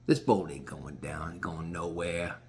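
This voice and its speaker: A man doing a gruff, low scornful bully. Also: a little slow. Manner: low, muttering and dismissive.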